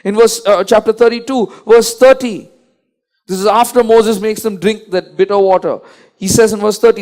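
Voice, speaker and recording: Emphatic high-voiced male preacher. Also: fairly even intonation, moderate pace, darkish tone. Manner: emphatic, repetitive, with frequent restarts. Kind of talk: sermon.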